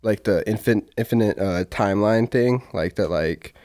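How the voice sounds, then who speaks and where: A man's voice: lowish voice, normal speed, a little mellow, dry recording, clean studio sound. A young man, a fighter guesting on a podcast, talking hesitantly with lots of fillers. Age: young adult. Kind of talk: casual podcast chat.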